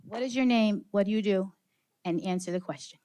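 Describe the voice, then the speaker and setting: A woman's voice: medium pitch, fairly quick. A woman giving an interactive motivational workshop talk to a live audience, moving among them and asking questions, a little out of breath. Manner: energetic, engages audience with questions and laughs. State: slightly out of breath. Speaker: speaker leading a workshop session. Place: conference room with live audience.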